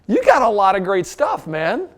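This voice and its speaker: A man from the United States hosting an upbeat promotional interview, jokey and energetic. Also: high voice, moderate pace. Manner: jokey, energetic, plugs products. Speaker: interview host.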